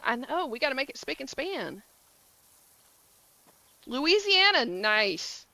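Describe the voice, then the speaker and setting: A woman's voice: high-pitched, very animated, unhurried, pauses often, sharp tone, dry recording, low-quality recording. A woman from Georgia with a Southern accent, chatting casually on a game stream and greeting viewers by name. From Georgia, USA. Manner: upbeat, greets chat by name. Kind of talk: casual live-stream chat.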